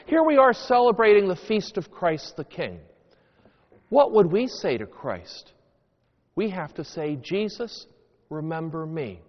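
A man preaching a homily as a priest, with slow, deliberate phrasing that rises and falls dramatically. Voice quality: sweeping highs and lows, slow deliberate delivery. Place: church. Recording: long church reverb, dull lo-fi sound.

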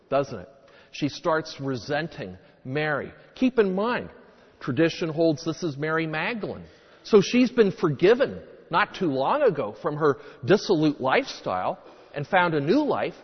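Male priest, animated sermon delivery, echoing church with long reverb, muffled sound. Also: a little high, husky. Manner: lively, rhetorical questions, emphatic.

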